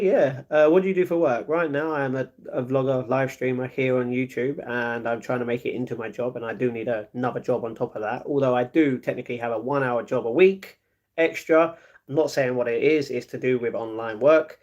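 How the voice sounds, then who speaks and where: Young man with a London accent, a fast, chatty live streamer with mid-range pitch, lots of fillers. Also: fairly even intonation. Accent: London English. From England. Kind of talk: reading and answering live chat.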